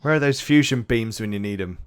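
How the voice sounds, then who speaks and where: A man's voice: medium pitch, fast, clean tone. A man narrating as game master in a tabletop game, casual and full of fillers. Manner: casual, with frequent fillers and laughs.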